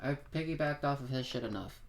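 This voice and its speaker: Livestreamer, mid-pitch, distracted muttering and cursing. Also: fast. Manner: distracted, swearing, thinking aloud. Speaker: streamer. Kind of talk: livestream commentary.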